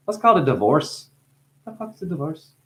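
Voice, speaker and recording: A man who is high, talking in a rambling, profane monologue. His voice swings from low mumbling to sudden high exclamations. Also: sing-song, normal speed. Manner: profane, playful. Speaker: spiritual video maker.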